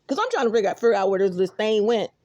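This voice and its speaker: A woman with a Texan accent rambling excitedly to her viewers in a casual phone vlog, often calling them y'all. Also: medium pitch, racing, no echo, highs cut off. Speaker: vlogger. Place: apartment and stairwell, indoors. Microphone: phone camera held close.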